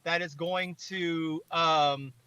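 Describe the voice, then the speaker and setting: A man's voice: fairly high pitch, steady tone, extremely slow, bright, forceful tone, clean tone, dry recording. A man, a videographer, telling a story in casual chat, rambling and full of "like". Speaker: videographer and director. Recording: dull lo-fi online audio.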